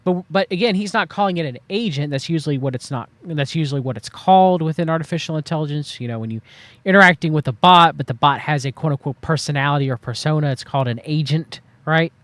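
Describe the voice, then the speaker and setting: Host: man with a high voice, wry rambling commentary to a stream chat, dry close sound. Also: quick pace, fairly bright tone, no echo. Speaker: livestream host.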